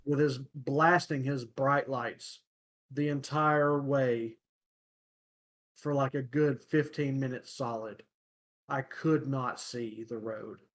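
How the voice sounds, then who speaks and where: A young man hosting a casual podcast chat, telling everyday stories in a halting way, often pausing to search for words. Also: medium pitch, steady tone, a bit bright. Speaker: podcast host.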